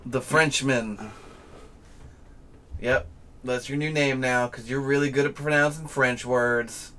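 A man's voice: mid-range voice, steady tone, slow, pushed and bright. Male co-host, mid-range voice, dry teasing banter. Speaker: podcast co-host. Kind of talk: casual chat.

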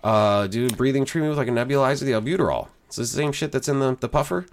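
A man's voice: medium pitch, quick pace. A man on a podcast, casually telling a story, swearing often and laughing a lot. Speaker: podcast host. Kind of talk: casual chat.

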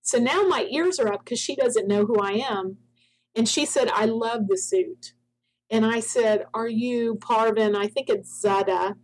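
A woman's voice: fairly high pitch, unhurried, a little mellow, rough recording. A middle-aged woman, a founder of a spa products company, telling a long story in an interview and acting out the dialogue she quotes.

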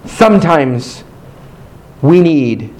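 Rhythmic preacher man, slightly high voice. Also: sing-song, very slow, a little mellow, slight background noise, low-quality recording. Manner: rhythmic repetition with call-and-response. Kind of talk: sermon. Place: hotel meeting room.

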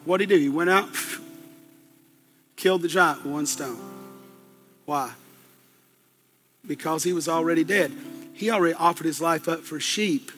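A man's voice: fairly high pitch, moderate pace, long pauses, a bit bright, soft background music. A man preaching a sermon, retelling a story in a folksy, colloquial way with plenty of asides.

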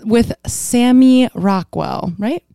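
A woman co-hosting a casual podcast, her voice a touch high and smooth. She talks in a bubbly, teasing way and laughs often. The sound is dry and close. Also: takes it slowly, mellow, no echo. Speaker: podcast co-host. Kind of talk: casual chat.

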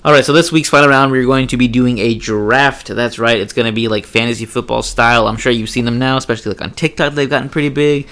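A young man hosting a relaxed podcast with his friends, cursing casually and laughing through his stories. His voice sits at a middle pitch. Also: fast, few pauses. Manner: swears freely and laughs while retelling pranks. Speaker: podcast host.

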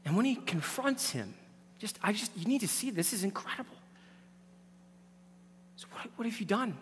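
A man preaching a sermon as pastor, swinging from loud emphatic lines down to hushed near-whispers. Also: high-pitched, animated, normal speed, slight background noise. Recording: reverberant hall.

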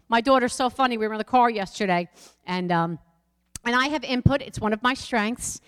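A woman's voice: fairly high pitch, a little fast, smooth. A middle-aged woman pastor preaching a sermon, emphatic and repeating lines for the congregation. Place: church sanctuary. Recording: long church hall reverb.

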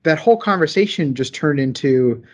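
A man's voice: a little high, expressive, normal speed. A young man in his twenties with a Southern American accent, an engineer and podcast guest, telling stories eagerly and enthusiastically. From rural American South. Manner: eager, enthusiastic, rambling storyteller. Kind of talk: casual podcast chat.

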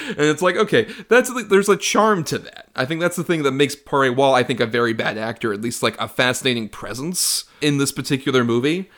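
A man co-hosting a podcast talks through a film in a loose, casual way. He laughs often, swears freely and acts out bits of the scenes. His voice sits in a middle pitch. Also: a little fast, fairly bright tone. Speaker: podcast co-host.

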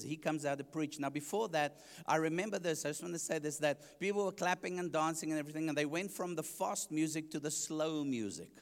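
A man preaching his testimony, telling the story animatedly and acting out his own past reactions. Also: on the high side. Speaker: evangelist. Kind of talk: sermon testimony. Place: church. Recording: long church reverb.

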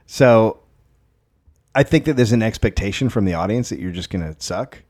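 A man's voice: fairly low pitch, expressive, moderate pace, a little mellow. A middle-aged man co-hosting a casual comedy podcast, telling stories with acted-out quotes and plenty of swearing. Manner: storytelling, acts out quotes, swears. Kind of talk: casual chat.

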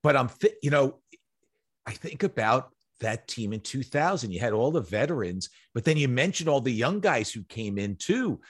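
A man's voice: mid-range voice, expressive, normal speed, breathy edge. Host, man, mid-range voice, enthusiastic interviewer filling in context. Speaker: podcast host. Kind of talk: casual interview.

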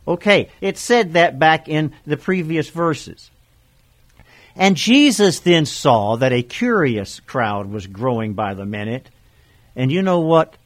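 A man preaching a sermon, animated, chuckling and putting on voices for the figures in the story. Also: on the high side, takes it slowly, no room sound.

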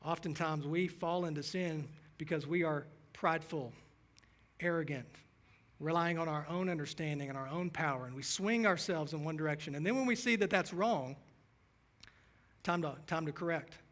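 A man's voice: a little high, normal speed, fairly bright tone. A man preaching a sermon as pastor, earnest, reading scripture passages aloud.

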